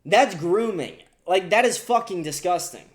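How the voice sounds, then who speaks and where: A man's voice: sits high, animated, moderate pace, slight background noise. A man hosting a podcast, ranting profanely and indignantly about the news. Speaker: podcast host. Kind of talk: casual political commentary.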